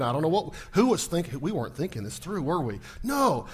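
Very animated and fairly quick, a pastor preaches with a slightly high voice that has a breathy edge. He brings the story to life by acting out scenes, shouting at climaxes and posing rhetorical questions to the congregation.

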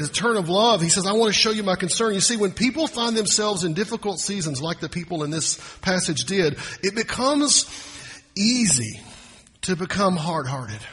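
A man's voice: high voice, a bit bright, husky, in a large hall. A man preaching a sermon in a conversational, folksy way, often restarting his phrases. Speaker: pastor.

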